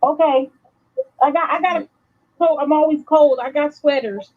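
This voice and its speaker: A woman's voice: high voice, steady tone, normal speed. A woman joining a show by phone, chatting casually and apologetically. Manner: apologetic, eager. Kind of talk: casual chat. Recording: muffled phone-call audio.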